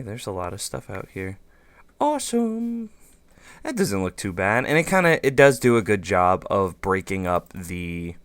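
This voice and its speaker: A man's voice: sits low, a bit bright, clear, resonant tone, dry recording. A man hosting a let's play, thinking aloud in casual gameplay commentary with lots of fillers and goofy asides.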